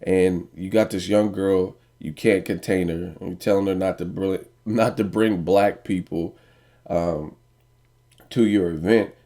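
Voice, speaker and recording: A man's voice: sits low, fairly even intonation, measured pace, dark tone. A man giving a blunt, profane opinion rant to camera, often asking "you know what I mean.". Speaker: boxing vlogger.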